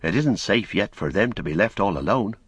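A man's voice: fairly low pitch, animated, fairly quick, breathy edge, no room sound. A man voicing a plain-spoken, earnest young male hobbit with homely speech, in a storybook reading.

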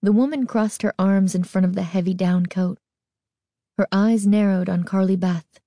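A woman narrating a spooky story as an audiobook, expressive and suspenseful. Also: mid-range voice, moderate pace, no room sound, studio quality.

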